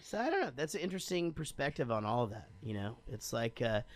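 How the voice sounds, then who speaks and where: A man's voice: medium pitch, big pitch swings, quick pace. A man co-hosting a podcast, chatting in a laid-back, joking way. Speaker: podcast co-host. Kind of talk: casual chat.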